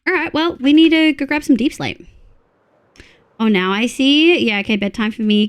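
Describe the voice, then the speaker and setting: An Australian woman chatting through a live game stream, with a somewhat high voice. She talks loosely and casually to her chat, counts out loud as she works and drops the odd swear word without a second thought. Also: lively intonation, normal speed, clear, resonant tone.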